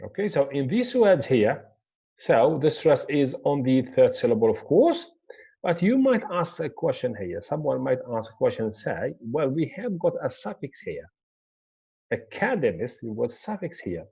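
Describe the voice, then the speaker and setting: A man teaching English word stress in a slow, repetitive lecture, pointing things out as he explains. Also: medium pitch, sing-song, gravelly, warm tone, slightly rough, lo-fi sound. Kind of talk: classroom lecture.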